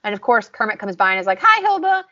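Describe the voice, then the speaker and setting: A young Southern woman co-hosts a podcast in an easygoing, rambling way, filling her recaps with "like" and "um". Her voice sits at a middle pitch. The recording sounds a little muffled and lo-fi. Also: steady tone, rapid-fire, bright, forceful tone. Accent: Southern American. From American South. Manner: chatty, recaps scenes and acts out quotes with laughs. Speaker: podcast co-host. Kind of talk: casual podcast chat.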